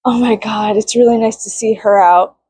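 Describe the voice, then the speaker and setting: A woman's voice: mid-range voice, fairly even intonation, normal speed, mellow, slightly rough, no echo. A young woman vlogging casually, venting with lots of swearing and bursts of mock-outraged shrieking.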